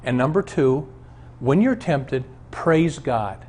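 A man's voice: medium pitch, expressive, takes it slowly, a little mellow. A man who is a pastor, teaching a Bible lesson on a show and telling stories from his own life in an earnest preaching manner.

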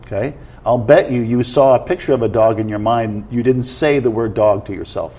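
Man, husky voice, earnest guest teacher. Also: mid-range voice, fairly quick, dark tone. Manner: earnest, explanatory, asks questions to check. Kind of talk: teaching in a conversation.

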